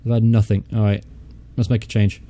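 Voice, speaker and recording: Mellow-voiced man muttering through a game. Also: on the low side, flat delivery, brisk. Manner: chatty, thinks aloud, mutters and swears casually. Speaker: gaming channel host. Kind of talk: casual let's-play commentary.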